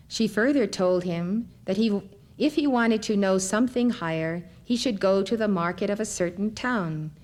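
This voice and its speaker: A woman lecturer reading spiritual stories aloud in a measured, deliberate way. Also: medium pitch, darkish tone.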